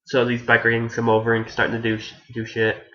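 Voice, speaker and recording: A man's voice: mid-range voice, completely flat delivery, fast, a bit bright, dull audio. A man giving a casual, rambling anime review who restarts his sentences often and swears offhandedly.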